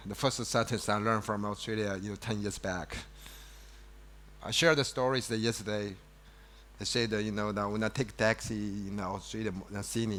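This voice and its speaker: A man giving an unscripted keynote on an event stage, halting, with many restarts and fillers like "you know". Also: on the low side, a bit bright. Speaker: company executive giving a keynote. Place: event stage before an audience.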